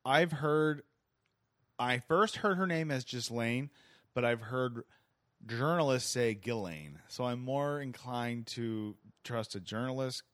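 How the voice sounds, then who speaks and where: A man's voice: medium pitch, slow pace, dry recording. A man hosting a podcast, chatting casually and riffing on jokes into a studio mic. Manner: joking, lively, riffs on bits. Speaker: podcast host. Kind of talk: casual comedic chat.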